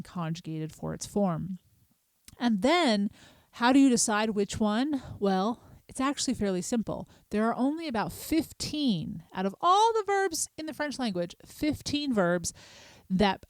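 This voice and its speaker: A middle-aged woman, hosting a podcast and patiently explaining a small language lesson, spelling words out slowly. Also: mid-range voice, darkish tone, no echo. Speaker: podcast host.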